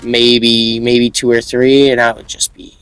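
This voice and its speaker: A man's voice: mid-range voice, little pitch movement, a little slow, a bit bright, clear, resonant tone, rough recording. A young adult man telling a casual storytime monologue, rambling with repeated words, restarts and slang.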